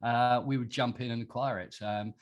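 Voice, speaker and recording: A man's voice: mid-range voice, steady tone, moderate pace. Chatty middle-aged British man. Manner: chatty, self-deprecating, laughs often, many restarts. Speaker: podcast guest, entrepreneur. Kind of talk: casual interview chat.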